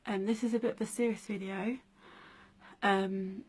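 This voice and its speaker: A woman in her twenties talks straight to camera about her own life, unhurried and hesitant. Her pitch sits in a middling range and barely moves, giving a flat, even delivery. She pauses often and fills gaps with soft ums. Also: husky. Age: 20s. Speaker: vlogger. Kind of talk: personal story vlog.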